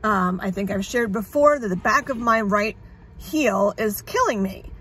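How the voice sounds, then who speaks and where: A woman's voice: medium pitch, animated, a little slow, a bit bright, husky. A woman talking candidly in a casual vlog, sarcastic and frazzled, rambling and swearing freely. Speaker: vlogger sharing her illness journey.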